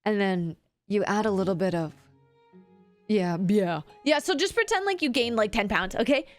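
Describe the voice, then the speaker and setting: A woman streamer giving a casual, rambling voice acting lesson to her chat, often dropping her voice low to demonstrate. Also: big pitch swings, fairly quick, faint music behind.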